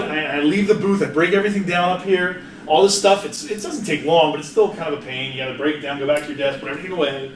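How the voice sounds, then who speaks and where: Casual high-voiced male presenter in a roomy hall. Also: a little hiss or hum. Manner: casual, chatty, self-interrupting with frequent restarts; jokey, laughs often. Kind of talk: live workshop presentation. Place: meeting room at an office. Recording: roomy, distant mic, faint ambience.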